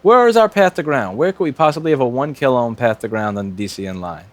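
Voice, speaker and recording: A man's voice: mid-range voice, lively intonation, fast, no echo. A man in a repair workshop, explaining a circuit board fix live in a wry, profane way and talking to himself as he works. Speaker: repair technician.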